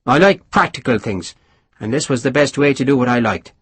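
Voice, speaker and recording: A man's voice: medium pitch, expressive, fairly quick, a bit bright, breathy edge, dry recording. A man doing a wry engineer captain. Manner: wry, explanatory. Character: witty, worldly Irish engineer captain, middle-aged. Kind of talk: audiobook character voice.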